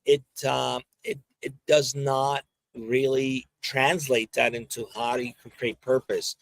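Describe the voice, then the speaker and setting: A man's voice: mid-range voice, flat delivery, takes it slowly, creaky, poor audio. A man co-hosting a podcast, explaining his points by recounting a conversation step by step. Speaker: podcast co-host. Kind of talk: casual discussion.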